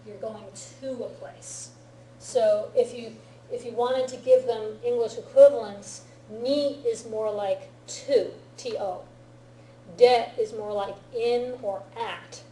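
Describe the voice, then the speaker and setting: A woman's voice: a little high, steady tone, takes it slowly, mellow, echoey room, a little hiss or hum, low-quality recording. A woman teaching a grammar lesson to a class, patiently explaining and often checking whether everyone understands. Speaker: Japanese teacher.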